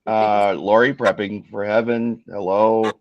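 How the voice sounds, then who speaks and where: A man's voice: lowish voice, steady tone, a little slow, muffled recording. A man hosting a casual live stream, chatty and self-deprecating, heard over a video call. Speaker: host.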